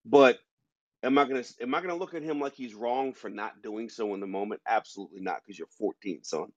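A man's voice: lowish voice, fast talker, no echo. A man hosting a podcast, arguing his view emphatically in an opinionated discussion. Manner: emphatic, argumentative. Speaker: podcast host. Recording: dull lo-fi sound.

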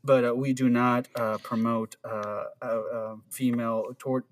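A man's voice: medium pitch, little pitch movement, measured pace. Rambling young man co-hosting a podcast. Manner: rambling, loose, lots of "like" and "man". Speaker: podcast co-host. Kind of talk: casual chat.

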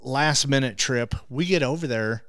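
A man who hosts a hunting show, telling stories as an interview guest. He gets animated and restarts his words when excited. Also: mid-range voice, normal speed, no echo, studio quality. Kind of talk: animated storytelling.

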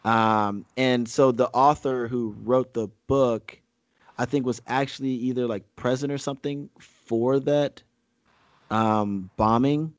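A man's voice: mid-range voice, steady tone, slow pace, no echo, muffled recording. A man in casual conversation as a co-host, rambling with frequent fillers and restarts, and reading a speech aloud. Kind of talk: casual chat.

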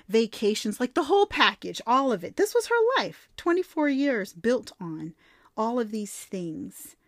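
A woman hosting a faith podcast, telling a story and reading scripture, swinging from soft asides to loud emphatic bursts. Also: mid-range voice, no echo, studio quality. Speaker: podcast host and faith mentor.

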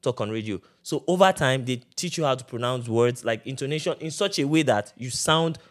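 Nigerian man, mid pitch, insistent talker who pushes into the conversation, casual podcast chat. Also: fairly quick. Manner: insistent, cuts in to be heard. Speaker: podcast co-host.

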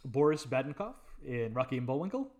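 A man's voice: medium pitch, big pitch swings, a little fast, darkish tone. A man co-hosting a film review podcast, eagerly recapping the plot with many "uh"s and "um"s. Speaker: podcast co-host. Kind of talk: casual film review chat.

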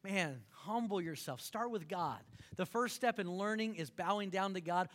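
Animated preacher with a high voice. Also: male voice, moderate pace. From Texas. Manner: animated, repetitive, calls for audience response. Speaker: pastor. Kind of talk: sermon.

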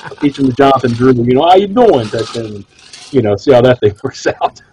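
A man co-hosting a casual cigar podcast, a jokey storyteller whose pitch leaps up when he quotes himself. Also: fairly even intonation, a little fast, darkish tone, slightly rough, rough recording. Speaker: cigar shop owner and podcast co-host.

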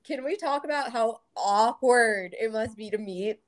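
A woman's voice: on the high side, a little slow. A young woman co-hosting a casual chat, playful and teasing in an upbeat way.

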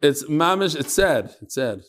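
A man's voice: on the high side, animated, a little slow. A man teaching an informal Talmud class in a room with listeners, chatty, with joking asides and Hebrew and Yiddish terms.

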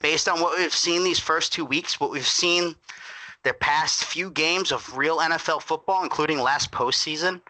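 A man co-hosting a sports podcast, talking in a gushing, excitable way and admitting he is worked up. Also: a little high, normal speed, no room sound, low-quality recording. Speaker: podcast co-host.

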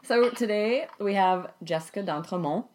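A woman's voice: on the low side, animated, moderate pace. A woman in her thirties hosting a parenting podcast in casual chat, upbeat and laughing often. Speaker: podcast host.

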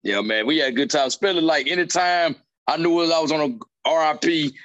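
A male stand-up comedian in casual chat, telling animated stories and acting out what people said. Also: fairly high pitch, fairly quick, dull audio. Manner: animated storyteller acting out quotes.

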